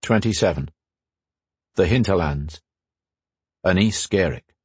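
Audiobook narrator: man, low husky voice, measured, dry close read. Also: no echo. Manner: measured storytelling. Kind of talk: scripted narration.

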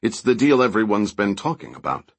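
A man's voice: lowish voice, very animated, a little fast, slightly rough, no echo, exaggerated voice. A man voicing a wry, joking male sidekick in an audiobook reading. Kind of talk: audiobook character voice.

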